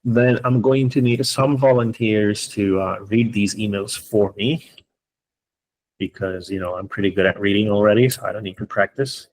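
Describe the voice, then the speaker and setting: A man's voice: lowish voice, moderate pace. A man teaching an online English class, playful and encouraging, joking with his students.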